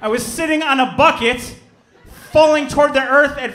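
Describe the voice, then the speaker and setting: Male stand-up comic in his 30s, from Chicago; high, bright voice; animated storyteller who shouts punchlines. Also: normal speed, reverberant. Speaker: stand-up comedian. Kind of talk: stand-up comedy set. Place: theater stage before a live audience.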